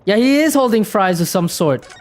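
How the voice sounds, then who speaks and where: A woman's voice: medium pitch, lively intonation, moderate pace, a little mellow. A woman streamer giving casual, joking commentary while playing a game. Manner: joking, offhand.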